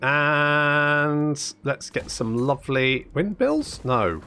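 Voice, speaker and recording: A man's voice: fairly high pitch, expressive, drawn-out words, sharp tone. A man giving casual, sarcastic let's-play commentary, thinking aloud and swearing freely. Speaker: gaming channel host.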